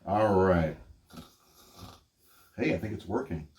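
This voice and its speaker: An older man from Pittsburgh hosts a casual how-to segment with upbeat, chatty energy and laughs often. His voice sits a little low. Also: expressive, takes it slowly, a little mellow. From Pittsburgh, USA. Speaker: magician and ventriloquist host. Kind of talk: casual teaching demonstration.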